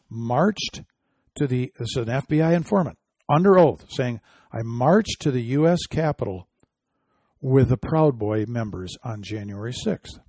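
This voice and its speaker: A man's voice: mid-range voice, dark tone, dry recording, clean studio sound. A man hosting an opinion commentary show, reading quotes aloud and answering them with indignant, scoffing remarks.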